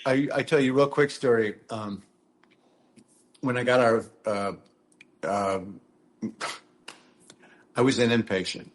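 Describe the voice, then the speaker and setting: An older actor from Minnesota, a guest in a casual interview, telling rambling anecdotes and acting out quoted lines. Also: male voice, medium pitch, takes it slowly, pauses often. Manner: rambling storyteller, acts out quotes.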